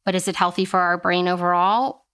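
A woman in her thirties, an occupational therapist, talking in a casual, animated interview and often slipping into quoted voices. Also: lowish voice, brisk, clean tone.

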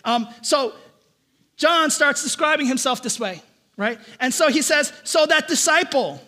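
A man preaching a sermon, telling a family story with lively, animated delivery and frequent repeated starts. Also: extremely high pitch, a little slow. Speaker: pastor.

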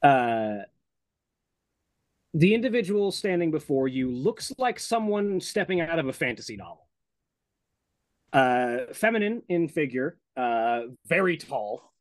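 A man's voice: fairly high pitch, expressive, no room sound. Man narrating as game master. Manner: descriptive, unhurried with many fillers.

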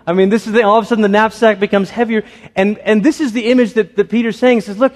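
A man's voice: high-pitched, fairly even intonation, fast talker, in a large hall. A man in his thirties preaching a sermon as a pastor, conversational and self-deprecating, telling stories about his family.

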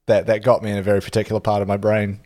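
Deep-voiced man in laid-back banter. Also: completely flat delivery, very fast, a little mellow. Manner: laughs easily, swears, stammers. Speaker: podcast co-host. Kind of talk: casual chat.

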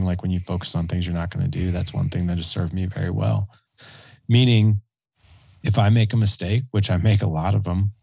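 A man in his forties, a podcast guest speaking earnestly in a halting, self-correcting way, at times choked up. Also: low voice, gravelly, mellow, dry recording. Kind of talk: emotional personal conversation.

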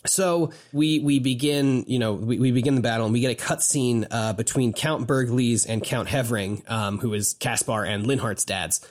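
A man with a mid-range voice co-hosts a casual podcast, recapping a video game. He's excitable and rambling, with quick asides and frequent fillers.

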